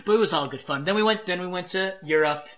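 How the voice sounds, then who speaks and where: A man's voice: high-pitched, fast, a bit bright. A young man telling stories in a casual podcast chat, teasing and laughing. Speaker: podcast guest.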